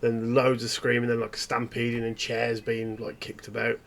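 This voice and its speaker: A man running a tabletop horror game as game master, describing scenes in a relaxed, meandering way. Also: medium pitch, normal speed, vocal fry.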